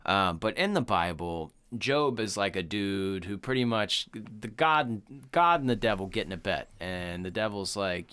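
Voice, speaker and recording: A man's voice: on the low side, measured pace, hardly any pauses, sharp tone, clear, resonant tone. A man co-hosting a podcast in casual chat, rambling and swearing, with lots of "like" and "you know". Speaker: podcast co-host.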